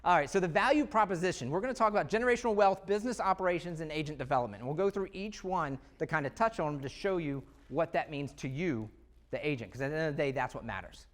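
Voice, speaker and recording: A man giving an energetic, conversational presentation to real estate agents, full of rhetorical questions. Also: a little high, fast. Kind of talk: live sales presentation.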